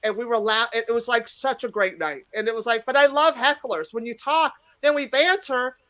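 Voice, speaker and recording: A woman's voice: on the high side, moderate pace. Brash, foul-mouthed woman comedian in her fifties. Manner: brash, profane, acts out quotes loudly. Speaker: stand-up comedian, guest. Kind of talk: casual interview storytelling.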